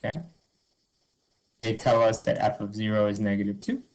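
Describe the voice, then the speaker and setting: A man's voice: on the low side, fairly even intonation, moderate pace, lo-fi sound. A man teaching a math review lesson, upbeat and informal, talking through each step and asking himself questions. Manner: upbeat, explains step by step, asks and answers his own questions; informal, says okay and cool a lot.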